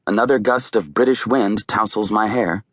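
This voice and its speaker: Low-voiced man narrating an audiobook. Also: moderate pace, no room sound, clean studio sound. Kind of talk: scripted narration.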